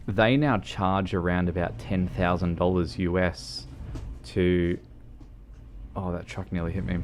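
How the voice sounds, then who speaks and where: A man, talking loosely on a livestream at a home setup. He wanders through his thoughts with lots of ums and restarts, and pokes fun at himself. A faint hum of ambience sits behind him. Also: deep voice. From New Zealand. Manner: rambling, hesitant, many fillers and restarts; self-deprecating, joking. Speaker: game streamer. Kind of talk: casual livestream chat while driving in a game.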